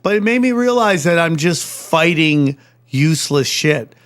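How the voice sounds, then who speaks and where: A man's voice: a little high, animated, unhurried, clear, resonant tone. A man hosting a podcast in casual chat, joking and swearing as he plugs tour dates. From United States. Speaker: podcast host.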